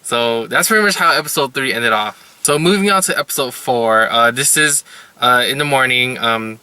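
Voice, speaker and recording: A man's voice: mid-range voice, normal speed, bright, forceful tone, clear, resonant tone, no room sound. A man casually recapping anime episodes as a reviewer, rambling with lots of filler words. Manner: rambling, heavy use of "like" and "you know".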